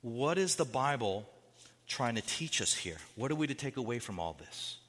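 A male pastor preaching a sermon, asking many rhetorical questions and swinging from loud outbursts to hushed lines. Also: mid-range voice, big pitch swings, normal speed, in a large hall.

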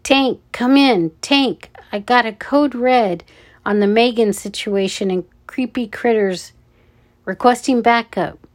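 A short-tempered storybook guard , put on by a woman narrator who snaps orders. His voice sits a little high and pushes hard and loud. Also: slow pace. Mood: barking. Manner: barking, impatient. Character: bossy red-headed male guard.

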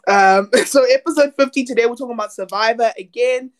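A woman's voice: fairly high pitch, fairly quick. A woman from South Africa co-hosting a podcast in a casual, chatty way, laughing and dropping slang. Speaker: podcast co-host. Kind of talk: casual chat.

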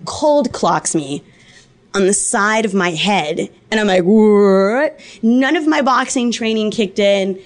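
Brief: podcast guest, woman from Los Angeles, mid-pitch voice, animated, foul-mouthed storyteller. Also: measured pace. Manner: profane, animated anecdote telling. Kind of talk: casual storytelling.

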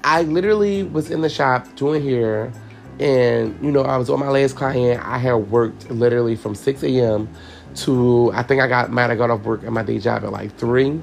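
A man's voice: mid-range voice, moderate pace, gravelly, soft background music. A man hosting a podcast, telling a personal story in a candid, profane way, tearful as he talks to his listeners. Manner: candid, profane, repeats himself, addresses listeners as y'all. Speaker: podcast host.

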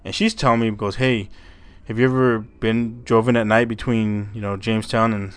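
A man's voice: lowish voice, flat delivery, normal speed, clear, resonant tone. A man hosting a podcast, telling a story in a rambling, casual way, stumbling over and repeating his words and swearing freely. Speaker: podcast host.

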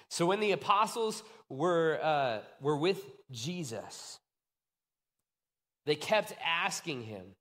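Male pastor, sermon, high-pitched, hushed then fired up. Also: moderate pace. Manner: animated, swings from hushed to excited.

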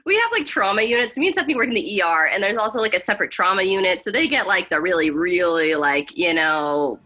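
A woman's voice: medium pitch, quick pace. A young adult woman, an ER nurse, telling funny work stories in casual chat, filling her sentences with "like.". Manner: animated storytelling, lots of "like".

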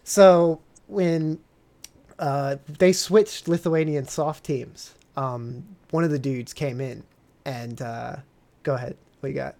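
A man's voice: medium pitch, fairly even intonation, takes it slowly, gravelly, a little mellow, slight background noise. A man, a military veteran, telling rambling, profane stories in casual podcast chat and laughing often.

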